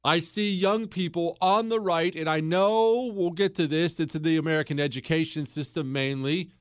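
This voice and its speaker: A man's voice: on the high side, normal speed, clear, resonant tone, no echo, clean studio sound. A young man hosting a podcast, delivering a political commentary monologue in an emphatic, rhetorical way, repeating words for effect and posing questions to his listeners. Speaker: podcast host.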